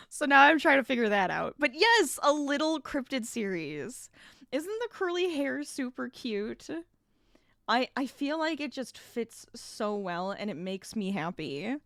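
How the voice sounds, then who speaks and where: A woman in the middle of a casual crochet livestream, talking to her viewers as she works. She chats in loose, easy bursts, laughs a lot and trails off into restarts, and sounds a little short of breath. Her voice sits at an ordinary pitch, picked up close and dry by a desk mic. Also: expressive, moderate pace, fairly bright tone, no room sound. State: a bit out of breath.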